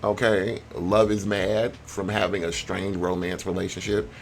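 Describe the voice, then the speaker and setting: A young man giving casual, slangy commentary on a life-sim game, animated and given to sudden high squeals. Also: unhurried, soft background music. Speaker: gameplay vlogger.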